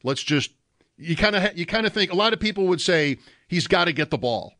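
A man's voice: high-pitched, lively intonation, fairly quick, pushed and bright, no echo, studio quality. A man chatting about football on the radio, reflective and thoughtful, often restarting his sentences. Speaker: sports radio talker. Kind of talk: casual sports radio chat.

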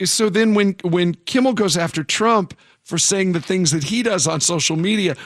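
A male radio host talking through a story in a loose, rambling way, stopping and restarting his sentences. His voice sits a little high for a man, and the studio sound is close and dry. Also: normal speed, a bit bright, no room sound. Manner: rambling, self-interrupting storyteller. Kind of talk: morning radio talk.

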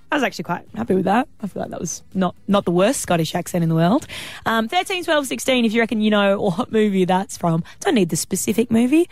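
A woman hosting a radio show from the studio, chatty and bubbly with quick laughs. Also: mid-range voice, expressive, no echo, faint music behind. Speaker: radio host. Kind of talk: casual radio chat. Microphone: studio mic.

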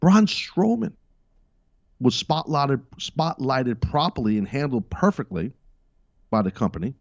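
A man's voice: medium pitch, expressive, a little slow, no echo, lo-fi sound. A middle-aged man hosting a podcast, giving blunt, emphatic wrestling commentary with profane, sarcastic asides. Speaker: podcast host.

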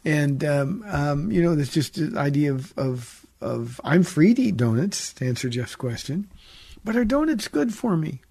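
Folksy pastor, husky mellow voice. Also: male voice, a little high, lively intonation, moderate pace, no echo. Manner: folksy and conversational, tells jokes, stresses points sternly. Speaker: pastor hosting a call-in show. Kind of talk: call-in radio Bible teaching.

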